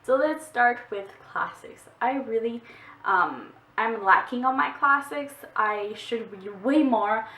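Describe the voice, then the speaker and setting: A woman's voice: on the high side, expressive, slow pace, pushed and bright. Young québécois french girl rambling about books, lots of "like", roomy echo. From Quebec, Canada. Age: young adult. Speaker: booktuber. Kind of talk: casual book haul vlog. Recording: echoey room, distant mic.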